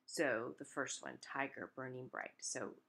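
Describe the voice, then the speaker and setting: Low-voiced woman lecturing with many ums. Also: a little slow, husky. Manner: relaxed explanatory, many ums and restarts. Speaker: literature lecturer. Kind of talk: recorded lecture.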